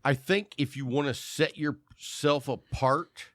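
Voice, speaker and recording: A man's voice: a little high, fairly even intonation, slow pace, fairly bright tone, dry recording. Man, fifties, podcast host, joking, swears casually, dry sound. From Texas. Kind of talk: casual chat.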